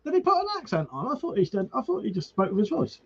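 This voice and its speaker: A man's voice: high voice, wildly swooping pitch, fast talker, slight background noise. A man chatting casually with viewers on a live stream, reading comments, greeting them by name and swearing freely. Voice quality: swears freely, restarts words. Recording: dull lo-fi stream audio.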